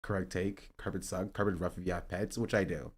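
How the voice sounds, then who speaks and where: A young man streaming live, chatting casually and joking sarcastically, and he sometimes rises into an animated rant. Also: low voice, brisk, husky. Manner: joking and sarcastic, reading chat aloud; rising to animated ranting. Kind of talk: casual livestream chat.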